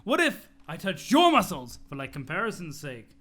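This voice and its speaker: Man playing a loud, boastful muscle-bound young guy. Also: high voice, wildly swooping pitch, moderate pace, full character voice. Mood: demanding. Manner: bellowing, bossy, swallows his own curse words.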